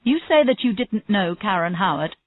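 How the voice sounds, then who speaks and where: A woman reading a calm, persistent female detective. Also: medium pitch, moderate pace, no room sound, lightly acted. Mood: probing. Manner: steady, pressing questions. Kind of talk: reading a graded story aloud. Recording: tinny phone-like audio, dry.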